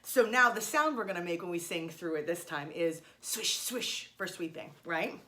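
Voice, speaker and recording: Bright, lively woman teaching kids music. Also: fairly low pitch, normal speed. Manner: lively, encouraging, explains step by step. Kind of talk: online music lesson for kids.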